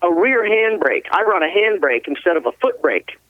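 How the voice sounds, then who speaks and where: Brief: high-voiced laughing racer, rambling stories, tinny dry phone line. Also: male voice, moderate pace, no echo. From US West Coast. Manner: laughs often, rambling, animated. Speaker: guest, ATV racer. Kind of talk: casual storytelling interview.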